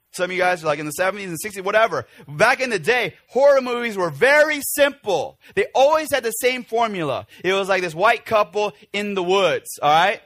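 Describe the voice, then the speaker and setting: A man in his forties preaching a casual, animated sermon to a church audience, acting out scenes with sudden shouts. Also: high-pitched, dry recording. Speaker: pastor.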